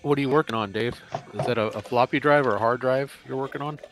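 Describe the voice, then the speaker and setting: A man's voice: mid-range voice, quick pace, background noise. A man in a casual group chat, asking helpful questions about a repair.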